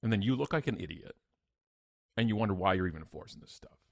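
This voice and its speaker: A man's voice: on the low side, expressive, quick pace, vocal fry, no room sound, studio quality. A middle-aged man, a podcast guest telling a personal story in a blunt, emphatic, self-mocking way. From Canada.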